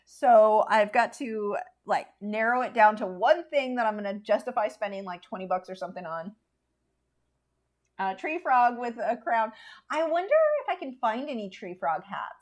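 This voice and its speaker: A woman's voice: fairly high pitch, expressive, normal speed. A woman artist chatting casually and opinionatedly with viewers while she paints, laughing often. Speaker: artist streamer.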